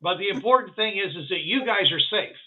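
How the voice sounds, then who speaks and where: Halting male game master over a tinny line. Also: high-pitched, lively intonation. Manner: halting, full of restarts and fillers. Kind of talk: narrating a tabletop game.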